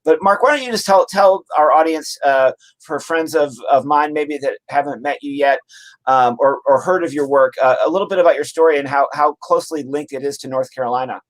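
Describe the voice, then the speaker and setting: A man hosting an interview podcast, asking his guest questions in a casual, halting way with many fillers. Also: a little high. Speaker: podcast host.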